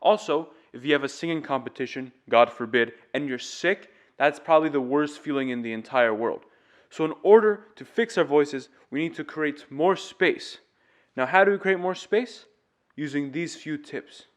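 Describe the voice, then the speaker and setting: A man's voice: on the high side, normal speed. A man teaching singing, explaining vocal tips step by step in an earnest, demonstrative way. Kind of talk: casual vocal tutorial.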